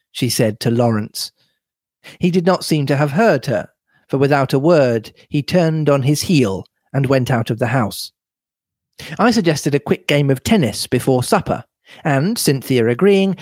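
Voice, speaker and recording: A man reading a classic mystery novel aloud with measured, expressive narration. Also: medium pitch, no room sound. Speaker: reader.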